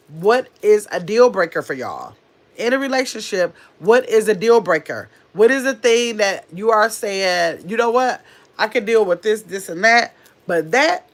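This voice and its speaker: A woman hosting a casual live stream, chatting quickly and reading viewer comments aloud as she answers them. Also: mid-range voice. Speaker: livestream host.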